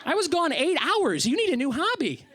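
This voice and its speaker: A sarcastic male comic on stage talks in a high, sing-song voice that swings widely. A faint crowd murmurs behind him. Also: very animated, normal speed, a bit bright. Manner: sarcastic, incredulous. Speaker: stand-up comedian. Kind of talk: stand-up comedy. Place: comedy club stage.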